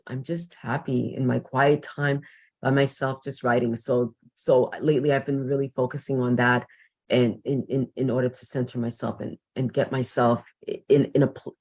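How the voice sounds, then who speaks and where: A woman's voice: very deep voice, fairly even intonation, normal speed, darkish tone. A woman teacher guesting on a podcast, speaking hesitantly with frequent restarts and ums. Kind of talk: podcast interview.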